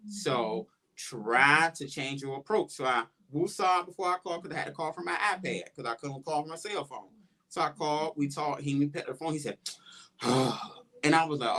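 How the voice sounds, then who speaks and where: A man hosts a relaxed podcast conversation. He tells a personal story with lively expression and keeps slipping into what he said to himself at the time. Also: fairly high pitch, moderate pace. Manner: animated storytelling, quoting his own thoughts aloud. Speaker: podcast host.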